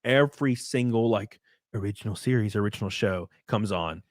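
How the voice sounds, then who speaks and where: A man's voice: fairly low pitch, fairly quick, no echo, studio quality. A man hosting a casual talk stream, recapping a TV episode in a rambling way full of "like" and "um". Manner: rambling, filler-heavy retelling. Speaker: streamer host. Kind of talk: casual podcast chat.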